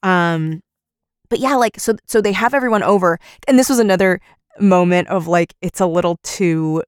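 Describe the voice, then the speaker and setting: A young woman co-hosting a casual book podcast, lively, acting out characters in quick put-on voices and laughing often. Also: on the low side, clear, resonant tone, dry recording, studio quality. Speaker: podcast co-host. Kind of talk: casual book-club chat.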